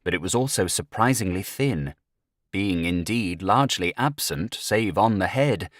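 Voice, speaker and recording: A man's voice: deep voice, expressive, a little slow, a bit bright, dry recording, studio quality. A man reading a horror story aloud as first-person audiobook narration, with dramatic rises at tense moments.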